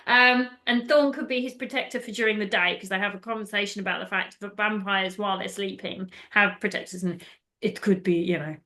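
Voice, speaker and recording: A woman's voice: mid-range voice, fairly even intonation, fairly quick, pushed and bright. A woman hosting a podcast, chatting casually as she retells a film, laughing often and acting out the lines. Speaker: podcast host.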